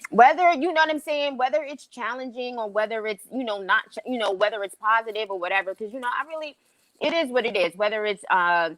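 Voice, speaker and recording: Woman, talk show guest, fairly high voice, loose, rambling, casual. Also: fast, fairly bright tone, dry recording, low-quality recording. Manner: loose, rambling, heavy with "you know what I'm saying". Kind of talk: casual chat.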